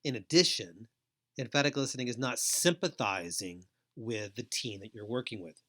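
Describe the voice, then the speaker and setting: Male educator, mid-pitched, measured lecture delivery with repeated phrasing. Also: fairly bright tone. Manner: deliberate, repetitive phrasing. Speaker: foster care educator. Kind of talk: recorded lecture.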